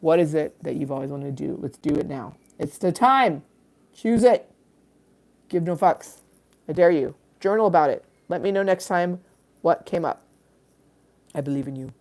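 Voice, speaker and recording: A woman with a low, hoarse voice chats loosely with her livestream viewers from a small room at home. She swears freely, jokes at her own expense and gushes affection at them. The sound is dry and close, with no room echo. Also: animated, normal speed, pauses often, a little mellow. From southern California. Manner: chatty, swearing, playful and affectionate. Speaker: livestream host. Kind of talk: casual livestream sign-off chat. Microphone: desk microphone.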